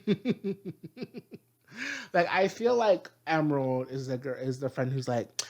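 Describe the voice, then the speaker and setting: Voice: mid-range voice, lively intonation, measured pace, long pauses, darkish tone. A video reviewer giving a casual spoken review, chatty and full of slangy asides, laughing often. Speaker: video reviewer of an animated series.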